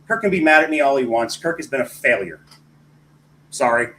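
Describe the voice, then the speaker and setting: A man's voice: medium pitch, lively intonation, a little fast, pushed and bright, a little hiss or hum, rough recording. A man appearing as a guest on a talk show, speaking bluntly and outspokenly and then apologizing for his outbursts. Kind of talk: casual political chat.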